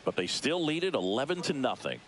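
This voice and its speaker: A man voicing a brisk, upbeat play-by-play announcer in a baseball video game, with a polished broadcaster delivery. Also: mid-range voice, big pitch swings, a little hiss or hum, close to an everyday voice. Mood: calling play.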